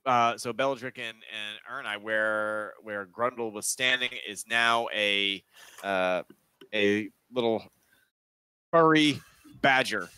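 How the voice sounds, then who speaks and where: A man running a tabletop game over a video call, narrating in a halting way with many restarts. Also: fairly low pitch, bright, forceful tone, smooth, no echo. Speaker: game master. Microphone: video call mic.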